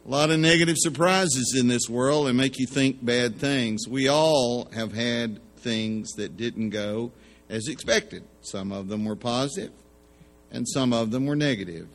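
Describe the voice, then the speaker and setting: In a hall with long reverb, a preacher speaks unhurriedly in a mid-range voice. He delivers his sermon in a homespun way, cracking jokes and voicing the characters in his stories.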